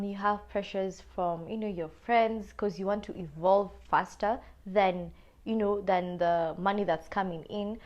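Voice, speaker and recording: A young woman with a Kenyan accent telling a personal story on a podcast, animated and casual, mixing in Swahili slang. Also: medium pitch. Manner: animated, switches between English and Swahili slang.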